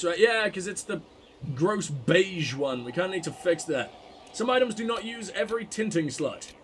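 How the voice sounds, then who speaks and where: A man giving casual gameplay commentary, reacting out loud and swearing freely as he thinks aloud. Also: sits high, a little hiss or hum. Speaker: let's play commentator.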